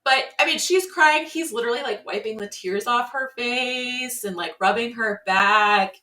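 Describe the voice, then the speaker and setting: Bright-voiced woman recapping, roomy and distant. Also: fairly high pitch, normal speed. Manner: animated storytelling with acted-out quotes. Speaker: podcast co-host. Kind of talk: casual recap chat.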